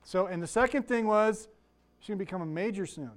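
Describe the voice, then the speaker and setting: Older guy pastor, kinda high voice, rambly sermon full of asides and restarts. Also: fairly quick. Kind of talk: informal sermon.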